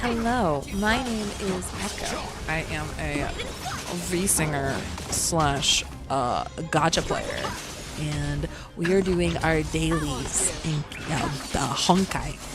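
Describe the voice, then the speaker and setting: A woman with a low, expressive voice speaks slowly as she streams gacha games as a virtual singer. She chats playfully with viewers while playing, humming and laughing throughout, and background music accompanies the stream.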